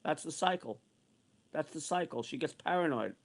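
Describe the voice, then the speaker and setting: A sixty-year-old man in a heated, profane rant, circling back over the same points again and again. His voice sits a little high for a man, and his delivery is worked up and insistent. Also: expressive, normal speed, vocal fry. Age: 60s. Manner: heated, repetitive, profane ranting. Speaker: online streamer. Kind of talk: angry ranting monologue.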